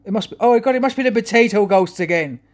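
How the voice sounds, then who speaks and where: A man voicing a cheery, easily rattled Irish man with a put-on Irish accent in a high, bouncy voice. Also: fast, close to an everyday voice. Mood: alarmed.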